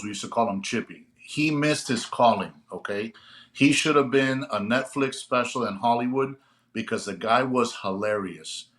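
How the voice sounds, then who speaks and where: Chatty man spinning a cop story. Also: on the low side. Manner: lively, chatty storyteller who keeps checking in with listeners. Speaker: retired police sergeant. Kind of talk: casual podcast storytelling.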